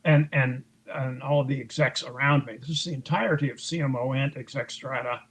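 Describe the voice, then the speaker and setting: A man talks fairly quickly in a steady, mid-range voice with a fairly bright tone, though the recording is low-quality with a little hiss or hum. He's an author in an interview, recounting a long story conversationally, full of fillers and restarts, and acting out others' remarks in raised voices.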